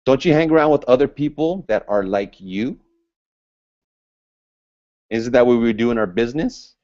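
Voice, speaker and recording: A man giving a motivational business training talk to a group, speaking loud and fired up. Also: medium pitch, animated, normal speed. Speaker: business seminar presenter. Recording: dull lo-fi recording.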